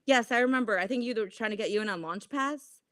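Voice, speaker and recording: A woman's voice: a little high, quick pace, dry recording. A woman hosting a casual stock trading livestream, profane and laughing at herself as she chats with viewers. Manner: profane, laughing, animated and self-mocking. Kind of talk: casual livestream chat reading viewer comments.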